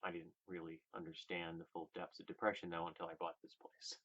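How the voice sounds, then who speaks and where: A man telling a personal story to his viewers, shifting from loud emphasis to hushed whispers. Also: sits low, little pitch movement, fairly quick, highs cut off. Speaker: vlogger.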